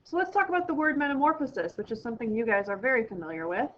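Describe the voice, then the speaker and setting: A woman teaching a recorded vocabulary lesson to students, explaining each word clearly and step by step. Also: a little high, animated, very fast, dull audio.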